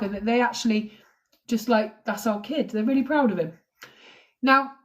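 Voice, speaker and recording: An English woman hosting a live true crime stream, telling the story emotionally and close to tears, pausing to thank viewers. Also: medium pitch.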